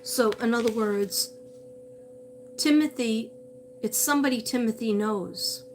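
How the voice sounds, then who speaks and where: A woman's voice: a little high, measured pace, a little hiss or hum. A woman psychic medium doing a livestream reading, calling out to a missing person and repeating his name as she searches. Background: music.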